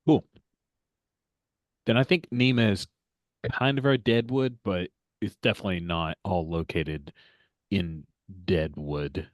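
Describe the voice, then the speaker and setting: A lower-pitched man with a Southern US accent, running a tabletop roleplaying game as game master. He talks in a relaxed, teasing way, and his voice is dry and close to the mic. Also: measured pace, pauses often, no room sound.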